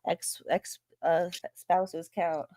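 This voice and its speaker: A woman's voice: lowish voice, steady tone, takes it slowly, warm tone, no echo. A woman on a live panel chatting in a gossipy, exasperated way with some swearing. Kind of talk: casual chat.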